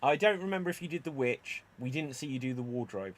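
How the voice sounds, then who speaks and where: A man hosting a live improv show over a video call, brisk and teasing as he runs the games. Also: mid-range voice, expressive. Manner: brisk, teasing, keeps the game moving.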